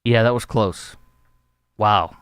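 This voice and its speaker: A man's voice: on the low side, slow pace, a little hiss or hum. A middle-aged man from the Chicago area hosting a podcast, talking through news stories in a chatty, storytelling way. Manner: chatty, animated storytelling with acted-out quotes. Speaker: podcast host. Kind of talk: opinion talk show monologue.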